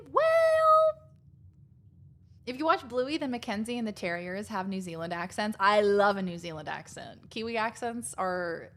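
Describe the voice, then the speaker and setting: A woman chatting casually while live-streaming a game, rambling and filling her talk with "like". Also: mid-range voice.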